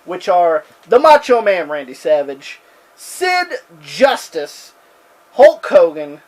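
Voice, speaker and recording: A man's voice: high-pitched, sing-song, slow pace. A man co-hosting a casual wrestling review, laid-back and laughing often, keeping the rundown on track. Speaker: podcast co-host.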